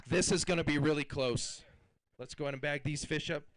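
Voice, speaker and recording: A man's voice: on the high side, brisk, fairly bright tone, no room sound, low-quality recording. A man emceeing a fishing tournament weigh-in, announcing weights and hyping the crowd in an upbeat way.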